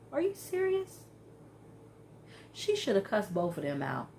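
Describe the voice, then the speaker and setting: A woman vlogger recapping a reality TV episode in a casual, animated way, often exclaiming in disbelief and saying um a lot. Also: mid-range voice, slight background noise.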